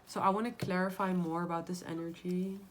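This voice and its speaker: A woman with a somewhat low voice talks straight to her viewers as she reads tarot cards. She is blunt and emphatic and swears freely in a casual tone. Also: fairly even intonation, brisk, slight background noise. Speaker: tarot reader. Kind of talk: casual tarot reading to camera.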